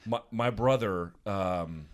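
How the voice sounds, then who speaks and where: A man co-hosting a podcast in casual chat, telling stories in an animated, profane way from a hotel room. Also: fairly low pitch, slow. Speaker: podcast co-host.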